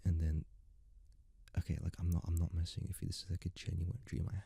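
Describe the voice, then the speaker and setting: A young man rambles in a soft-spoken ASMR style, very close to the microphone. His low voice is gravelly, heavily husky and very dark. He keeps stringing loose thoughts together with "like". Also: level tone, fast, dry recording. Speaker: ASMR creator.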